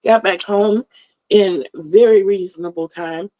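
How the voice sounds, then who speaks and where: Chatting casually on her livestream, a middle-aged woman welcomes viewers and tells rambling stories. She speaks a little slowly in a mellow, medium-pitched voice over poor audio.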